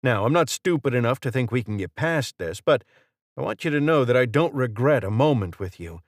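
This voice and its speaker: A man's voice: medium pitch, animated, brisk, dry recording, studio quality, close to an everyday voice. A man reading the lines of a cocky male federal agent in an audiobook, mocking and chatty. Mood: smug.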